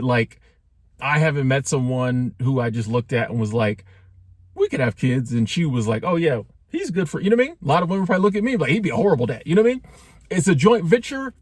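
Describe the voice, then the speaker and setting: A man's voice: medium pitch, no echo, clean studio sound. A man in his forties talking casually in a joking, conversational way, full of slang and asides to his viewers. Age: 40s. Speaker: vlogger. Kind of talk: casual talking-head monologue.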